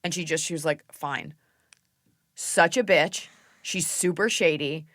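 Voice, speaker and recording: Animated woman host telling stories. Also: low-pitched, moderate pace, no echo, studio quality. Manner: animated storyteller, acts out quotes, swears. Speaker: podcast host. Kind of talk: casual podcast chat.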